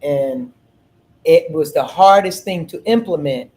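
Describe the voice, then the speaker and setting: A middle-aged woman hosting a podcast, telling stories in an earnest, animated way and repeating phrases. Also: low-pitched, a little slow, rough recording. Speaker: podcast host. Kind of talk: casual storytelling chat.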